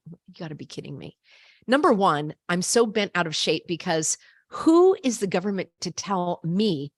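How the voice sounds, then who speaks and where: A woman's voice: mid-range voice, no room sound, studio quality. An older woman telling a story to camera in an emphatic, indignant way. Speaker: vlogger.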